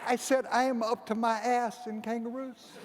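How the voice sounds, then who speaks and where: A man's voice: very high-pitched, flat delivery, normal speed, over a noisy crowd, heavy background noise. A man giving a humorous keynote speech, rambling through a comic story and acting out the dialogue. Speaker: keynote speaker. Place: large event hall. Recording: long hall reverb, faint background ambience.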